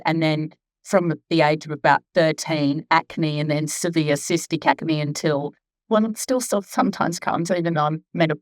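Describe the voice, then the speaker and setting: A woman's voice: low voice, dry recording. A chatty woman in her fifties, a skin therapist talking casually at a live event, rambling with many asides. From Australia. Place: clinic event room.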